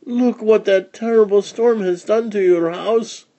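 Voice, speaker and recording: A man reading a storybook aloud, voicing an eager little girl in a high piping voice. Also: unhurried, warm tone. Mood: plaintive.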